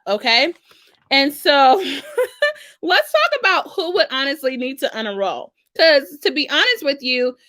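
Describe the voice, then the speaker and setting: A woman from the States, hosting a casual financial advice vlog in a sassy, animated manner. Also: high-pitched. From Southern United States. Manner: animated and sassy, with frequent "okay?" check-ins. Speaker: financial coach and channel host.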